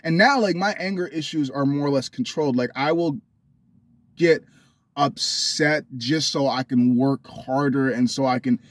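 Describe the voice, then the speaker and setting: A man's voice: mid-range voice, normal speed, dry recording. A man telling a candid personal story to his viewers, blunt and profane, rambling with restarts. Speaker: vlogger.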